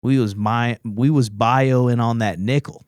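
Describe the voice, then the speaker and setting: A man's voice: mid-range voice, fairly even intonation, unhurried, darkish tone, dry recording, studio quality. A man hosting a solo comedy podcast, telling stories in a rambling, profane, blunt way.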